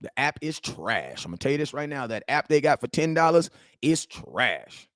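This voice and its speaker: A young man's slightly bright, sing-song voice sits on the high side and moves fairly quickly as he hosts a live sports talk stream with no room sound. He rants in heated slang, repeating himself and talking directly to viewers.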